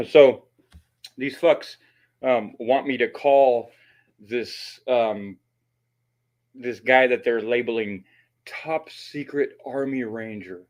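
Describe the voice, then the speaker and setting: A man's voice: medium pitch, takes it slowly, pauses often. A man hosting his channel and giving blunt, mocking commentary on a recorded call, swearing often. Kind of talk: profane commentary.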